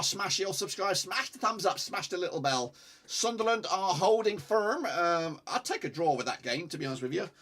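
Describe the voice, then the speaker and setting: Excitable high-voiced fan streamer. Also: male voice. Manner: excitable, swears, urges viewers to like. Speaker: fan streamer watching a football match live. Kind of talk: live watch-along commentary.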